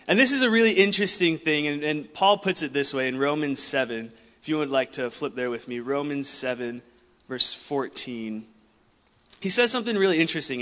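A young man preaching a sermon, telling a personal story in a casual, animated way and laughing often. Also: medium pitch. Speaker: pastor. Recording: long hall reverb.

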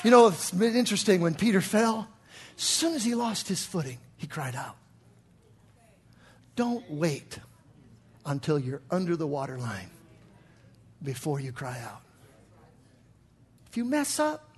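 An older man preaching a sermon in a church, animated, swinging from hushed talk to shouts. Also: extremely high pitch, unhurried, long pauses, breathy edge. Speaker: pastor.

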